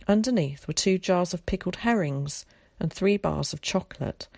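A woman narrating a children's storybook aloud in a calm, even manner. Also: on the low side, normal speed, vocal fry, no echo, studio quality. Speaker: audiobook narrator.

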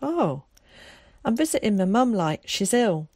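A woman voicing a timid but eager young working-class London boy who blurts and pleads in a high, earnest voice. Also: sing-song, unhurried, darkish tone, husky, no room sound, clean studio sound, exaggerated voice. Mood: nervous.

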